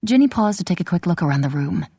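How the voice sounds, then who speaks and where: Husky, gravelly woman narrating. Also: on the low side, no echo. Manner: measured, steady storytelling. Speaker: audiobook narrator. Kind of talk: scripted audiobook narration.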